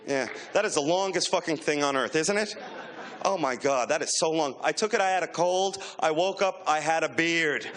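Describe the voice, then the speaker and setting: A man doing a stand-up comedy set, rambling through stories and shouting questions at the crowd. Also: on the high side, moderate pace. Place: comedy club stage. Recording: noisy live club recording. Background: audience laughing, room noise.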